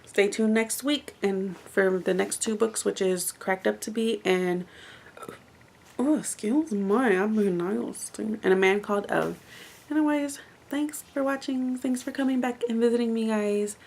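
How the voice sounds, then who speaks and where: A woman's voice: mid-range voice, normal speed, gravelly, darkish tone. A woman reviewing books in a casual vlog, chatty and rambling, with lots of "like" fillers. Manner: chatty, rambling, heavy use of "like". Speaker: book reviewer.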